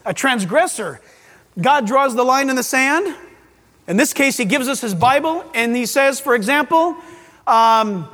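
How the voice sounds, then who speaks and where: High-voiced animated preaching man, church reverb. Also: measured pace. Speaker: pastor. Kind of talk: sermon. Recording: long hall reverb.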